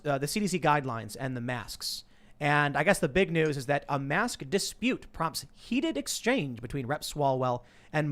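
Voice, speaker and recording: A man in his thirties hosting a casual panel show, talking quickly and laughing often. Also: on the high side. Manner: chatty, fast, laughs often. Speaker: podcast host. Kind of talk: casual panel talk with sponsor reads.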